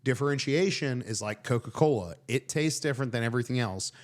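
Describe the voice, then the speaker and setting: Man, Tennessee drawl, rambling, casual comedy chat, mid-pitched voice. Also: fairly quick. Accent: Tennessee Southern drawl. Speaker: podcast co-host.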